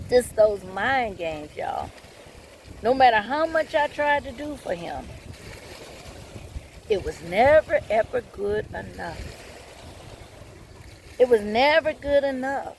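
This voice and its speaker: A woman's voice: fairly high pitch, animated, slow pace, pauses often, a little hiss or hum. A woman vlogger telling her own story and giving advice to viewers. She talks bluntly and candidly, swears freely, and keeps turning to her audience.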